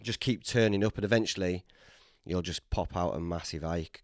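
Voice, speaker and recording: This British podcast host's low voice moves a little fast as he chats and banters in a laid-back way, often calling people "mate". The recording is dry and of studio quality.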